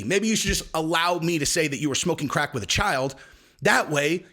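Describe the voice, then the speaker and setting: A man's voice: on the high side, fairly bright tone. A man hosting a casual commentary rant, sarcastic and rambling, slipping into mocking quoted voices. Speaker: commentary video host.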